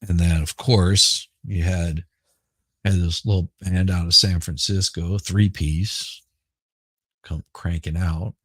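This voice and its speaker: A middle-aged man with a Southern accent talks casually on his livestream. His voice is hoarse and gravelly, very deep and unhurried. He rambles and repeats himself in a dry, close recording. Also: fairly even intonation, fairly bright tone, no room sound. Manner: rambling, halting, repeats words. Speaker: livestream host. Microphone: headphones with mic.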